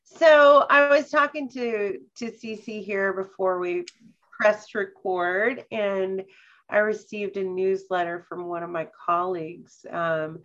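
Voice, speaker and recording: A woman co-hosting a podcast in casual chat, talking slowly and thoughtfully and reading passages aloud with care. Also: medium pitch, steady tone, fairly bright tone, lo-fi sound. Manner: slow, thoughtful, reads passages aloud carefully. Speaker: podcast co-host.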